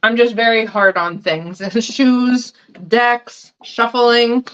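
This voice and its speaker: A woman's voice: fairly high pitch, takes it slowly, a bit bright, dull audio, a little hiss or hum. A woman hosting a tarot livestream, chatting casually and swearing freely while she snacks between thoughts.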